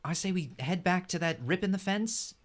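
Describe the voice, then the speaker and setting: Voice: medium pitch, normal speed. A tabletop game player talking in character, anxious and full of questions. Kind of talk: casual chat as a tabletop player.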